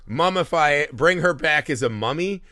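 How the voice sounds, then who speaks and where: Lively, bright-voiced man joking around. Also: a little high, normal speed, dry recording, studio quality. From Syrian family background. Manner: animated, jokey, swears, slips into silly character voices. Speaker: podcast co-host. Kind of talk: casual movie review chat.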